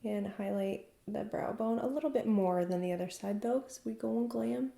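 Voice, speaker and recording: A woman's voice: medium pitch, normal speed, gravelly, very noisy. A woman chatting enthusiastically through a casual makeup tutorial as a beauty vlogger, talking while she works. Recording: echoey room.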